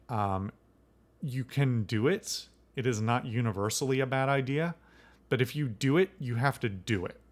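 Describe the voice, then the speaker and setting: Opinionated man commenting on a game. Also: medium pitch. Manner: opinionated, rambling with fillers. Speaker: let's play host.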